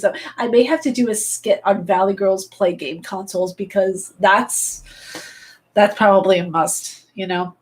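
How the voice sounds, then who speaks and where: A woman's voice: medium pitch, steady tone, normal speed, poor audio. A woman gaming streamer chatting casually and playfully with her live viewers, jumping from topic to topic.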